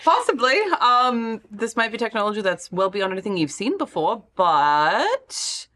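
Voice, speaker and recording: A player in a casual tabletop game, talking quickly with frequent restarts. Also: medium pitch, very animated, sharp tone.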